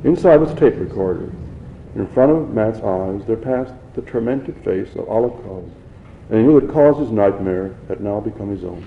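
Man reading a novel aloud, low voice, dull lo-fi recording, a few restarts. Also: lively intonation, moderate pace, reverberant, slight background noise. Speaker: reader.

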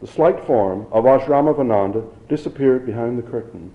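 A man narrating an audiobook in a steady, measured reading. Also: medium pitch. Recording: dull lo-fi recording.

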